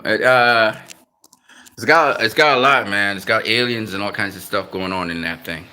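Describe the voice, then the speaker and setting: A man's voice: fairly low pitch, moderate pace, pushed and bright. A man hosting a casual live-stream chat, talking in laid-back slang, laughing often and trailing off mid-sentence. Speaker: YouTube channel host.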